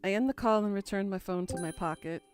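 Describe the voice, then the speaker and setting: A woman's voice: mid-range voice, fast, soft background music. Woman reading a dry first-person story. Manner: dry, musing, inward. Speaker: narrator.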